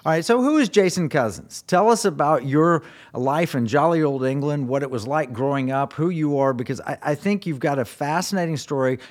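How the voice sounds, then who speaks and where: A man's voice: on the high side, expressive, a little fast, hardly any pauses. A man hosting a radio talk show, speaking with enthusiasm as he reads quotes aloud and introduces his guest.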